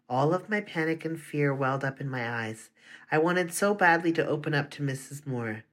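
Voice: medium pitch, expressive, normal speed, fairly bright tone. Earnest first-person audiobook narrator.

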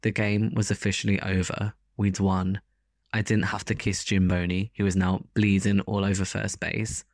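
A man narrating a first-person story as an audiobook in a steady, even delivery. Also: on the low side, moderate pace, dry recording, clean studio sound.

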